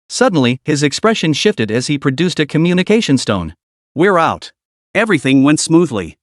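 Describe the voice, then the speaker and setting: A man's voice: on the high side, big pitch swings, normal speed, dry recording, clean studio sound. A man narrating a recap story in a scripted read, voicing all characters in the same plain voice.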